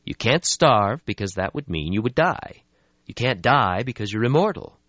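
A man's voice: fairly low pitch, big pitch swings, moderate pace, fairly bright tone, no echo, voice pushed up. A man voicing a brash young male American vampire in an audiobook, impatient and dismissive. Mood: cajoling. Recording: slightly muffled lo-fi audio.

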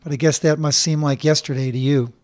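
A man voicing a kind grown woman who talks gently and frankly. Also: a little high, steady tone, brisk, dry recording, studio quality, natural voice. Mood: gentle.

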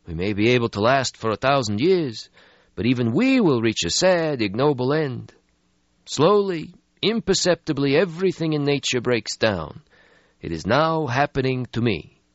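A man's voice: mid-range voice, very animated, no echo, pitched above the performer's own voice, lightly acted. Stretsky, a man voicing a weary ancient vampire. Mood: bitter. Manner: slow, mournful, world-weary. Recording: slightly muffled lo-fi audio.

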